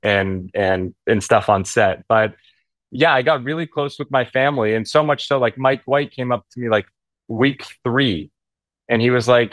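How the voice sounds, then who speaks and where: A man's voice: mid-range voice, fairly quick, fairly bright tone. A man chatting casually as an interview guest. His storytelling rambles and is full of fillers, in a mid-range voice. The sound is dry, with no room echo. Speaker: actor guest.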